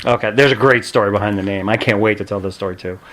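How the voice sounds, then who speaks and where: A man in his forties, a podcast guest, telling stories in a casual chat and acting out quotes in a higher voice. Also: fast talker. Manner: animated, laughing, acts out quotes in a higher voice. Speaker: podcast guest, pro wrestler.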